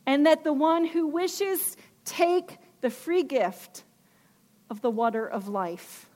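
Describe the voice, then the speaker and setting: High-voiced woman preaching emphatically. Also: animated, takes it slowly, a little mellow. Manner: emphatic, asks the listeners questions. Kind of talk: sermon.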